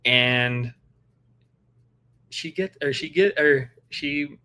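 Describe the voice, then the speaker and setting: A man co-hosting a podcast in a casual chat, his voice in a middle register. He tells a personal story in a relaxed, anecdotal way. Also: medium pitch, extremely slow. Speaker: podcast co-host.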